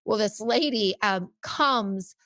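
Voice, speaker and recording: A woman co-hosting a casual chat show, telling animated stories and acting out what people said. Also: mid-range voice, takes it slowly, no echo, clean studio sound. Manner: animated, exclaims and acts out quotes. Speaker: podcast co-host.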